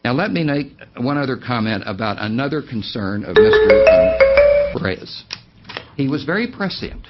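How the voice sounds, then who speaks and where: A man's voice: mid-range voice, wildly swooping pitch, moderate pace, highs cut off, loud music behind the voice. A man giving public testimony at a county meeting, emphatic and repeating his key points for weight.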